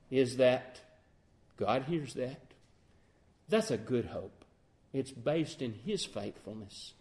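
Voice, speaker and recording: A man preaching a sermon, earnest and emphatic, reading scripture in a measured cadence and easing into soft reflection. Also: mid-range voice, gravelly. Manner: earnest, rising to emphatic peaks then quieting to soft reflection; quotes King James scripture in measured cadence.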